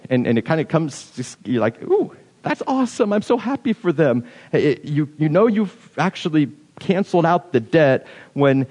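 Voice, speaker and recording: A man's voice: mid-range voice, a little mellow. Conversational male preacher in a reverberant hall. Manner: conversational, acts out imagined objections. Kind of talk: sermon.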